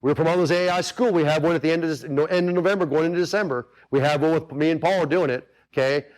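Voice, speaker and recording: A man with a fairly high speaking voice coaches golfers in a relaxed, talky way. He repeats his main points and keeps turning to his listeners to ask whether they follow. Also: rapid-fire. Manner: earnest, repetitive, talks straight to the audience with many asides. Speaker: golf instructor hosting a webinar. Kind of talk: casual coaching talk.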